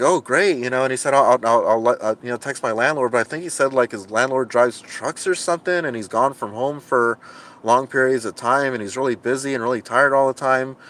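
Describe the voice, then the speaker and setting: A man's voice: mid-range voice, a bit bright. A man live-streaming from inside his car, reading viewer comments and rambling with frustration, often restarting his sentences and laughing at himself. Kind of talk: casual livestream chat.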